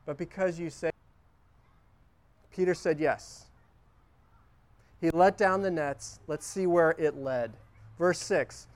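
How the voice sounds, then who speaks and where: A middle-aged man preaching with a high, smooth, clear voice. He speaks slowly and earnestly, sinking into hushed, prayerful lines and then lifting with excitement. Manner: earnest, prayerful, swings between hushed and animated. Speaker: pastor. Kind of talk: sermon.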